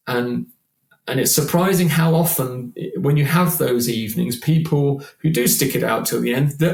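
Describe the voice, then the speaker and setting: A man in his sixties, a singer guesting on a podcast, talking in an animated, chatty way and often repeating words. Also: on the high side, gravelly. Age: 60s. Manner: animated, chatty, repeats words while acting out quoted voices. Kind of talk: casual podcast conversation. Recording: roomy echo.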